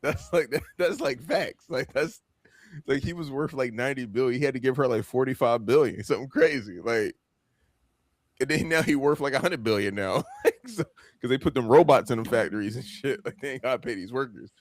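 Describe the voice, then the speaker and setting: A man's voice: mid-range voice, fairly quick, no echo, clean studio sound. Rambling male podcast co-host. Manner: loose and rambling, full of "like" fillers. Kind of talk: casual chat.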